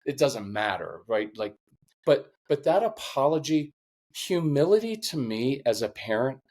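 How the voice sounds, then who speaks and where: A middle-aged parenting coach, appearing as a podcast guest, tells stories in a conversational interview. His medium-pitched voice moves at an unhurried pace, and his storytelling is earnest and animated, at times choking up with emotion.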